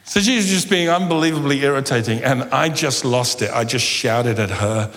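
A middle-aged man gives a humorous sermon in an animated, storytelling manner. He acts out little scenes of dialogue and plays for laughs. His voice sits at an ordinary pitch and carries a long reverb from the hall. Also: a little slow. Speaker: preacher.

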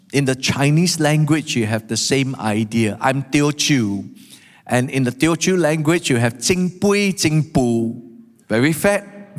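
A man preaching a sermon, animated, acting out the quotes he tells. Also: mid-range voice. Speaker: pastor. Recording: long hall reverb.

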